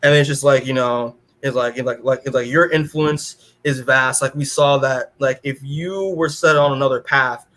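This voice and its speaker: A podcast co-host with a medium-pitched, steady, fairly bright voice recaps a comic-book story at a moderate pace with hardly any pauses. He rambles casually, packing in "like," filler words, and restarts, and quotes the characters in his own voice.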